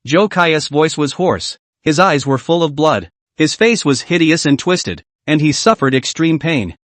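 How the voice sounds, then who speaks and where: Lively man narrating a comic recap. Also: a little high, measured pace, no room sound. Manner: dramatic, clipped exclamations. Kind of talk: scripted story recap narration.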